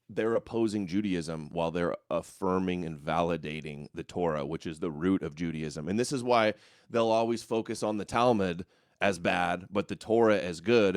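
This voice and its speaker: A man's voice: low voice, dry recording, clean studio sound. A man hosting a talk show, speaking bluntly and emphatically in casual conversation. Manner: blunt and emphatic, stacks up labels. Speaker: podcast host.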